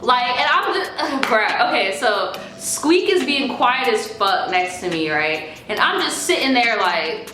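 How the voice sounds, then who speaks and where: A young woman from New York telling a story in an animated, chatty, profane way. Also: on the high side, unhurried, noisy background. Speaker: vlogger. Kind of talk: casual storytime. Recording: roomy echo with faint music.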